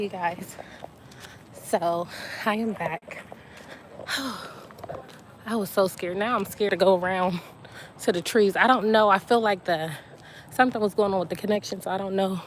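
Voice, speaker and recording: A woman's voice: medium pitch, a little hiss or hum, low-quality recording. A woman live-streaming outdoors by a beach, out of breath and chatting straight to her viewers on a phone. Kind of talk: casual live-stream chat.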